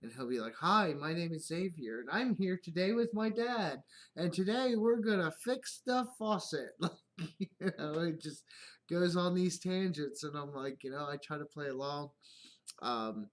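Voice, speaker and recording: A man's voice: mid-range voice, fairly bright tone. Casual man chatting on a live stream. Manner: rambling, swears freely, laughs at own stories. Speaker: YouTube channel host.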